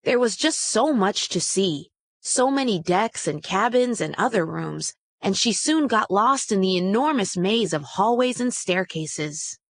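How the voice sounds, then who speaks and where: A woman reading a children's story aloud in a steady, expressive way. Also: mid-range voice, measured pace, no echo. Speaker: storybook reader.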